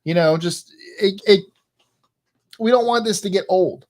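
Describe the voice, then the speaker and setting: A man's voice: high-pitched, a little slow, a little mellow. A man co-hosting a casual live stream, chatting with his partner and reading out viewer messages. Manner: chatty, reads out viewer super chats.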